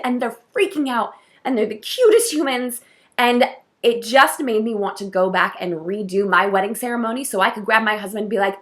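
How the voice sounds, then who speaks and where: A woman who works as a wedding coordinator, talking to camera in a casual vlog, effusive and heartfelt with soft laughs. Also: fairly high pitch, a little fast.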